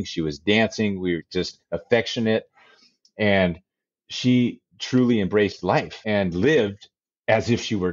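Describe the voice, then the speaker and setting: A man in his forties, a life coach guest, telling a personal story earnestly and slowing down on the emotional points. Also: lowish voice, dry recording, highs cut off. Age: 40s.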